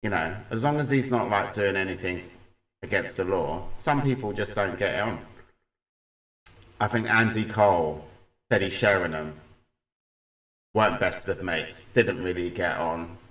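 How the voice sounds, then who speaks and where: A casual man reacting to football talk, chatty and often mocking. His voice sits very low. The room around him sounds echoey. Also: measured pace, pauses often, a bit bright. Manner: chatty, agreeing, mocking impressions. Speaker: reaction video host.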